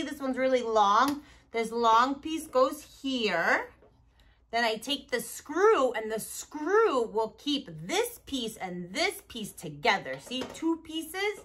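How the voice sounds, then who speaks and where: A young woman hosting a children's learning video, talking slowly in a playful, repetitive, coaxing way as she shows each step. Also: high voice. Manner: sing-song, repetitive, gently coaxing. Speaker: children's educational host. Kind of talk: slow, playful teaching to toddlers.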